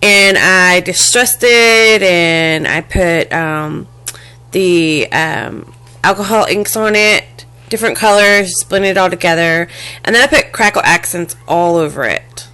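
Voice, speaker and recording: A woman with a fairly low voice walks through a homemade craft project for the camera. She talks casually and haltingly, full of ums, restarts and little apologies as she handles her pieces. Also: sharp tone, clear, resonant tone. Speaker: crafting vlogger. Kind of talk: casual show-and-tell craft demo.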